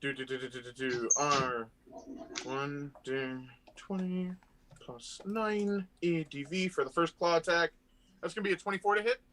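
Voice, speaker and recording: A man's voice: fairly high pitch, normal speed, bright, forceful tone, a little hiss or hum. A man playing a tabletop game who rolls dice aloud and gleefully describes his character's attacks in vivid detail. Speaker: player.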